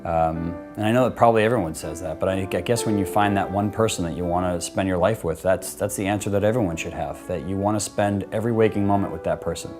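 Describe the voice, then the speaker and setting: Deep-voiced man telling a casual story. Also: fast talker, few pauses. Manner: relaxed, full of "like" and "you know", quotes himself and his partner. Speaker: groom telling how he proposed. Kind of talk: casual personal storytelling to camera. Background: soft guitar music.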